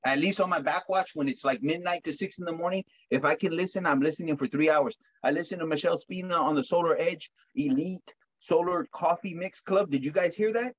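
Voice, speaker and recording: A high, husky man's voice coming through a slightly muffled video call. He gives an energetic motivational pep talk, jumping into quick acted-out chats with customers. The sound is dull and lo-fi. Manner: animated, acts out customer chats in bursts. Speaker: solar sales trainer.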